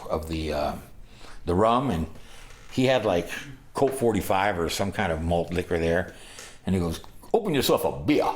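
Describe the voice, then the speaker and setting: Older man telling tales in a roomy echo. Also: low voice. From Los Angeles, United States. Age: 60s. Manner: rambling, animated voices for quoted people. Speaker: storyteller. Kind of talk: casual personal storytelling.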